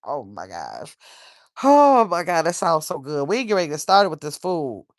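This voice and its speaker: Here a middle-aged woman hosts a casual livestream, wandering from topic to topic and reading viewer comments aloud. Her low-pitched voice has big pitch swings and a moderate pace, captured in clean studio sound without echo.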